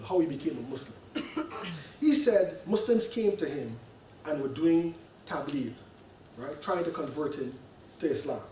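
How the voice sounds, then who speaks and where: Animated man preaching in an echoey hall. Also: sits high, slight background noise. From Canada. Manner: animated, conversational, peppers talk with "right?" and "you know". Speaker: sheikh giving a religious lecture. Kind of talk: sermon with storytelling. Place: lecture hall. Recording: echoey hall, distant mic.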